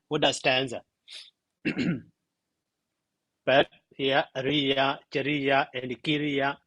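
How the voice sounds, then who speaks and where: Brief: man teaching grammar in a halting, step-by-step way, mid-pitched voice, dry close sound. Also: fairly bright tone, no room sound, low-quality recording. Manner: slow, halting, counts syllables aloud one by one. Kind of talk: spoken lesson.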